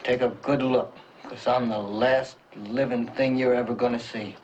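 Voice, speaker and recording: An actor playing a brooding young male killer, who tells his confession in a slow, low, haunted way in a film drama. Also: fairly even intonation, highs cut off, a little hiss or hum, lightly acted.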